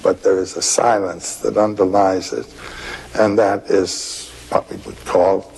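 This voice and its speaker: Older male scholar, interview guest: husky, low-ish, very slow and reflective. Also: steady tone, a little mellow, low-quality recording. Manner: slow and musing, intoning vowel sounds.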